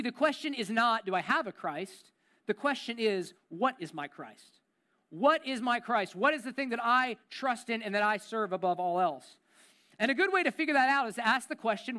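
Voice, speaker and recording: A man preaching a sermon as a pastor, conversational and emphatic, repeating key phrases and sinking into a low, intense tone. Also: fairly bright tone.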